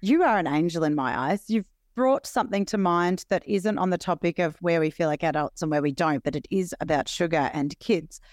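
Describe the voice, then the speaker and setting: Wry Australian woman in her thirties, lower voice. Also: fairly quick, hardly any pauses, darkish tone, no room sound, clean studio sound. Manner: chatty, wry, laughs easily. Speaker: podcast co-host. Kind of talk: casual chat.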